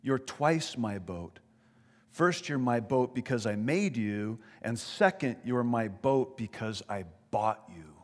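An earnest little boy insisting something is his, as a male preacher puts him on in the middle of a sermon. The voice stays at a middle pitch. A long hall reverb trails each phrase. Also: lively intonation, slow. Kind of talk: sermon illustration.

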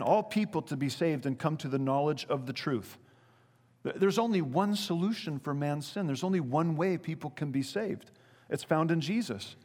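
A man's voice: on the high side, darkish tone. A man preaching a sermon as pastor, earnest and conversational, full of rhetorical questions. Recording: long hall reverb.

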